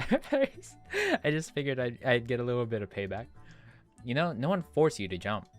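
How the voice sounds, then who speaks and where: Man reading as a teasing energetic young woman. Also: mid-range voice, normal speed, soft background music, natural voice. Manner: teasing, lightly mocking.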